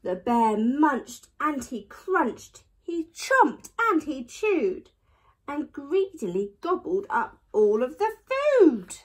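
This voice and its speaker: A woman teaching primary school, reading a picture book aloud to children with expressive, animated storytelling. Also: sits high, slow.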